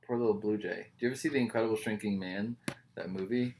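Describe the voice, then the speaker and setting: A man talks through a comic book review in loose, casual chat, wandering off into wry jokes and asides. His voice sits somewhat low. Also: steady tone, fast talker, darkish tone, slight background noise. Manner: wry, rambling, joking asides.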